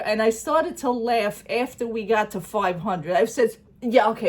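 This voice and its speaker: A woman's voice: on the high side, a little slow, hardly any pauses. A woman chatting casually to her channel, telling a long story and acting out both sides of a conversation. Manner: chatty storyteller, acts out dialogue, laughs often. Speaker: vlogger. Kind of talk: casual chat to camera.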